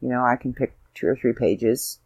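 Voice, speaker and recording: A woman's voice: rumbling low, moderate pace, a little mellow, husky, dry recording. A woman, hosting her own podcast as an author, chatty and self-deprecating, sounding tired. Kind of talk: casual solo podcast chat.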